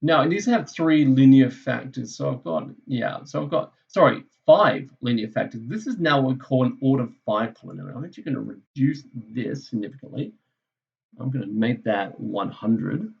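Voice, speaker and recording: A man with a gravelly, creaky voice walks through a maths lesson on a screen recording. He talks casually and thinks aloud, fixing his own slips as he goes. The sound is dull and lo-fi. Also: mid-range voice, expressive, moderate pace. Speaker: maths teacher.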